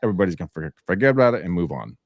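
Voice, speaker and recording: A male podcast host with a somewhat low voice tells stories in an animated, loose way. He slips into quoted voices and swears casually. The sound is close and dry, with no room echo. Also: very fast, lo-fi sound. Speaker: podcast host, real estate agent.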